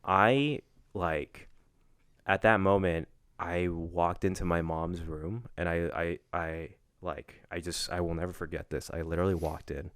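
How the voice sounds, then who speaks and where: A young man co-hosting a podcast, telling a personal story in a casual, halting way with many restarts. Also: sits low, fairly even intonation, fairly bright tone, clean tone, no echo, clean studio sound. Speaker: podcast co-host. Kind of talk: casual chat.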